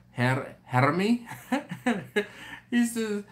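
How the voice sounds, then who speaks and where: A man hosting a live stream, telling a story in an animated, rambling way with many restarts. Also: very high-pitched. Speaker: host. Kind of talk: casual live-stream chat.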